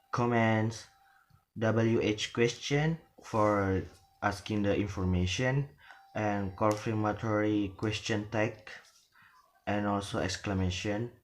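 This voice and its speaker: A man giving a halting classroom presentation on English pronunciation, full of restarts and fillers. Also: fairly low pitch.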